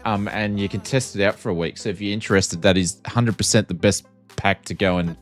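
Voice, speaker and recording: A man's voice: fairly low pitch, fairly quick, soft background music. An Australian man hosting a flight sim stream, chatting casually with lots of ums and frequent laughs. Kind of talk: casual live-stream chat.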